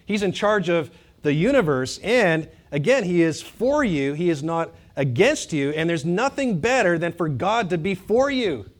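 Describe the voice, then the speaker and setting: Man, pastor, sermon, animated, emphatic, fairly high pitch. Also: unhurried. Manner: animated, swings from loud emphatic bursts to quiet asides. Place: church hall with congregation.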